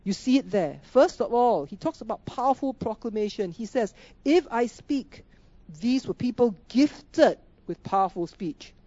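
A woman's voice: fairly high pitch, animated, normal speed, dark tone, dry recording, highs cut off. A woman preaching a sermon, emphatic, asking rhetorical questions and repeating key phrases.

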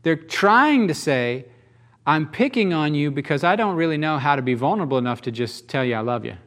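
A man's voice: a little high, lively intonation, brisk, a bit bright. Folksy, conversational preacher man. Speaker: pastor. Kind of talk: sermon.

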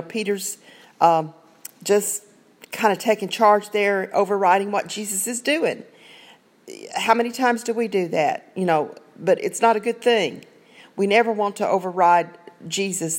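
A woman's voice: medium pitch, a little mellow. Woman lay preacher, earnest, chatty devotional delivery, self-recorded. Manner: earnest, conversational, rambling with many asides. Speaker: online preacher. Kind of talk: informal Bible devotional.

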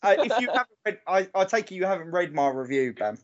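A man co-hosting a gaming podcast, chatty and quick to reel off figures. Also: high voice, expressive. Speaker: podcast co-host. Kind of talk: casual chat. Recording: dull lo-fi audio.

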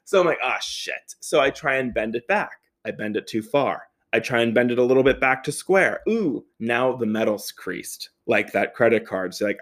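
A man from the Pittsburgh area telling a comedic personal anecdote, animated and profane, laughing often and acting out what people said. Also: fairly low pitch. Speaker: storyteller.

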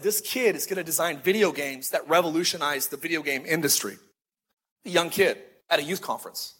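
Bright, husky-voiced male preacher. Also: high-pitched. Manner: conversational storytelling with emphatic slowed phrases. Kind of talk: sermon.

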